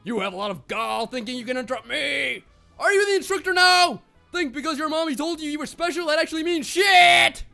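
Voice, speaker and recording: A man with an American accent voicing a harsh, bullying male military drill instructor who yells insults. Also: high voice, animated, moderate pace, gravelly, long pauses, soft background music, pitched above the performer's own voice, full character voice. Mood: furious. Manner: yelling, insulting, barking questions.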